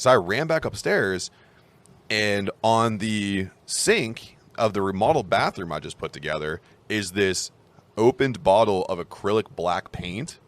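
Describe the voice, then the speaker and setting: Deep-voiced man telling a rambling story. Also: fairly bright tone. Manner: rambling, self-mocking, with frequent restarts. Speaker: podcast co-host. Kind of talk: casual storytelling chat.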